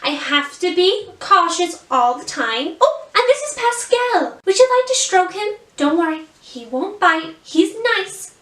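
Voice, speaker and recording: A bubbly, brave young princess with an American accent, put on by a woman. Her high voice bounces in a sing-song, excitable way. The sound is roomy and set back from the mic. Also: unhurried, hardly any pauses, exaggerated voice. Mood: cheerful. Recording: roomy echo, mic at a distance.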